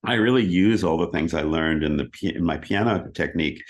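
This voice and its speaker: Man, middle-aged, lowish voice, casual interview, animated, sings rhythms. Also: brisk. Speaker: interview guest, keyboardist.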